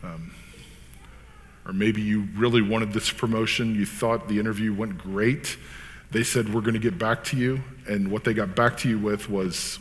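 A man's voice: on the low side, normal speed, big-room sound, slight background noise. A man reading scripture aloud, then preaching in an earnest, conversational way with casual fillers. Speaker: pastor.

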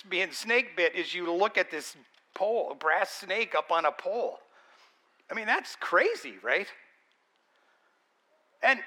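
A man's voice: sits high, bright, forceful tone. A man preaching a sermon in an earnest, conversational and emphatic way.

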